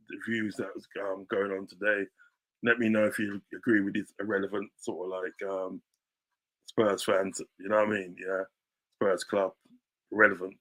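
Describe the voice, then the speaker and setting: A football fan streams live, ranting in a heated, combative way, repeating phrases and breaking into loud shouts. His voice is fairly low.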